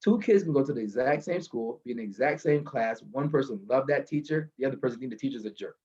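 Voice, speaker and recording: A man telling a motivational story from his car, animated and building to a lesson, over a video call. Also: mid-range voice, quick pace, lo-fi sound. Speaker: guest speaker.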